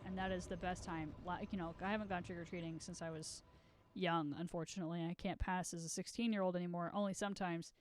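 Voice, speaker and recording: A young adult streamer chatting casually and excitably while playing a horror game, swearing and yelping at scares. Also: medium pitch, quick pace, slight background noise. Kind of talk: casual live gameplay chat. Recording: loud game sounds under the voice.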